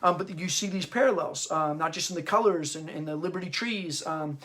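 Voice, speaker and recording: A high-pitched man talks through history off the cuff, plainly stirred up by it. He often halts, repeats a word and starts over before pushing on with his point. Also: a bit bright. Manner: impassioned, stirred up; halting, often stops and restarts. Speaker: host and parenting author. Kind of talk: unscripted history talk.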